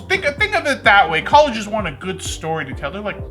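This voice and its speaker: A man's voice: high voice, huge pitch swings, fairly quick, pushed and bright, faint music behind. A man with a lisp, joking and rambling as he reacts to a video. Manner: rambling, jokey, talks to the screen.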